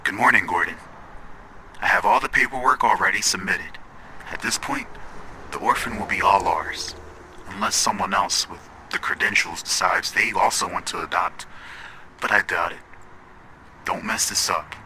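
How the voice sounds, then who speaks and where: A man voicing a sarcastic, businesslike female assistant, speaking drily in a low voice. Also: lively intonation, normal speed, long pauses, pushed and bright, slight background noise, heavily acted, low-quality recording. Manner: dry, sarcastic.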